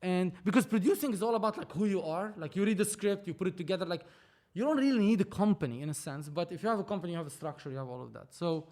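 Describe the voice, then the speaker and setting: A man, a film producer and podcast guest, telling a story in animated casual talk, acting out dialogue and swearing freely. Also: high-pitched, racing, few pauses. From Lebanon.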